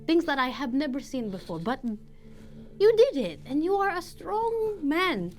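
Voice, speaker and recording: A tender, accented mother figure, as a woman puts her on for a tabletop game, coaxing and hushed. Her voice rides high and swoops widely, and she takes her time over every word. Faint music plays behind her. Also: sing-song, unhurried. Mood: soothing. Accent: put-on foreign accent. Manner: soothing, coaxing, gently whispery. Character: warm motherly woman caregiver with a foreign accent. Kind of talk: tabletop role-play acting. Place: studio.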